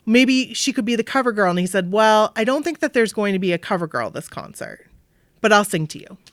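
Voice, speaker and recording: A woman's voice: mid-range voice, brisk, dry recording, clean studio sound. A woman from Maine co-hosting a podcast, telling a long story in casual chat and acting out the voices of the people in it. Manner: animated storytelling with bright acted-out quotes. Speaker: podcast co-host.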